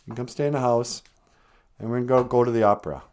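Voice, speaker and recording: A man's voice: mid-range voice, steady tone, fast, darkish tone, lightly acted. A man voicing a kindly, generous male doctor who talks in an eager, friendly patter.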